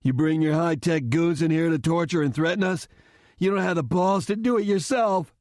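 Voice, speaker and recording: A man doing a hoarse blustering agent. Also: mid-range voice, fairly even intonation, brisk, a little mellow, no room sound, clean studio sound, lightly acted. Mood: defiant. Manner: raised, blustering, defiant. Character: hoarse, defiant male federal agent, blustering.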